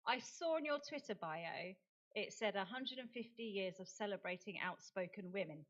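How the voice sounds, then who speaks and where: At a conference venue, a middle-aged advocate from the United Kingdom delivers a chatty, self-deprecating talk with frequent laughter. Her medium-pitched voice is fairly bright with lively intonation at normal speed, though the recording sounds muffled.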